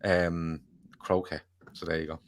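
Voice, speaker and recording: A man's voice: low voice, level tone, a little slow. A man co-hosting a casual football podcast, rambling, swearing freely and joking as he reads viewer comments. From Ireland. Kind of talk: casual chat.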